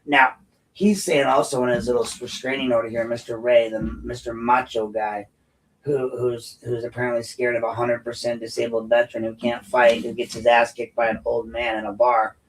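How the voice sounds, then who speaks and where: A man's voice: medium pitch, level tone, normal speed, far from the mic, a little hiss or hum, low-quality recording. A man hosting his own show, giving a rambling, combative monologue with many restarts. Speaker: show host and veteran. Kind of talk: monologue commentary.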